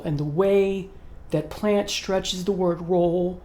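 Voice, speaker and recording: Warm in tone and medium in pitch, the host speaks at a moderate pace with a level delivery. It's an unscripted review ranking songs to camera, heartfelt and admiring, with the host getting emotional about the music and saying um and uh often.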